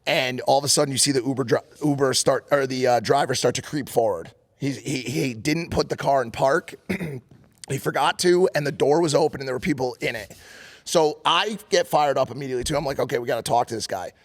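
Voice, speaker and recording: A man co-hosting a podcast, telling a story in casual chat, animated and profane. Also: mid-range voice, fairly quick. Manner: animated, profane, acts out quotes loudly. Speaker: podcast co-host.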